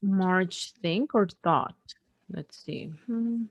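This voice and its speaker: Patient woman teaching English slowly. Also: mid-range voice, dry recording, highs cut off. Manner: patient, polite, gently corrects grammar. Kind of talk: online one-on-one English lesson.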